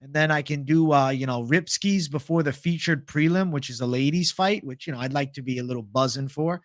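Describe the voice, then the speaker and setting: Young male stream host, slightly high pitch, dry close mic, loose profane chat. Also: brisk, dry recording. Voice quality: casual, profane, reads chat aloud. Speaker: MMA livestream host. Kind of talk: casual livestream fight picks chat.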